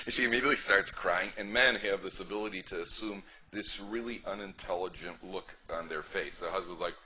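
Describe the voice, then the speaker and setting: This rabbi's voice sits low, and he talks at a moderate pace with hardly any pauses, telling humorous stories in a class. He's chatty, repeats phrases and often asks "right?", in a dull lo-fi lecture recording with faint noise.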